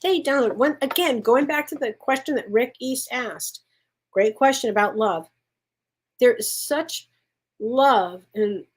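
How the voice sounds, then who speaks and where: A woman working as a spiritual medium, answering viewer questions on a live stream in an effusive way and calling people honey. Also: fairly high pitch. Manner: warm, effusive, laughs often, calls people honey.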